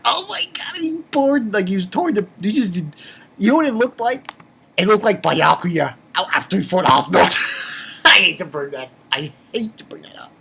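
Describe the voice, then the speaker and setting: Excitable rambling man recapping a manga. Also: gravelly, breathy edge. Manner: excitable and rambling, jumps into high squeaky quotes; swears casually, repeats himself. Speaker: manga reviewer. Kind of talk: casual chapter recap.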